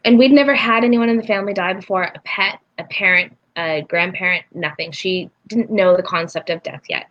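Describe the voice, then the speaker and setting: A woman's voice: lowish voice, brisk, muffled recording. A woman in her forties, a spiritual healer and interview guest, telling a personal story and acting out the voices in it. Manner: animated, acts out voices in her stories. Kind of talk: casual storytelling.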